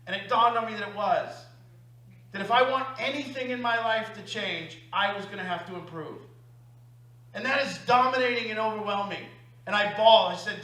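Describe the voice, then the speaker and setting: A man coaching a recovery group, talking emphatically and confessionally, swinging between loud bursts and hushed asides. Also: sits high, normal speed, echoey room, poor audio. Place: meeting room.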